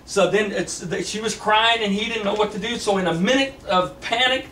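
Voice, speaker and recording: A man's voice: high voice, moderate pace, sharp tone. A man telling a long story in a rambling way, with many repeats and restarts. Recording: echoey room, distant mic, faint hiss.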